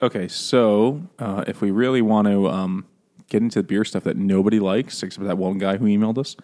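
A man's voice: lowish voice, steady tone, fairly quick, mellow. A man co-hosting a podcast in casual chat, jokey and laughing often, explaining things at length. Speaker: podcast co-host.

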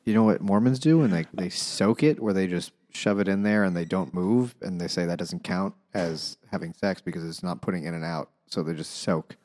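A man with a deep, low-pitched voice trading jokes on a comedy book podcast. He drops short, dry wisecracks into the conversation. His delivery is loose and offhand. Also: fairly quick, hardly any pauses, darkish tone. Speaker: podcast co-host. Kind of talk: casual comedic book chat.

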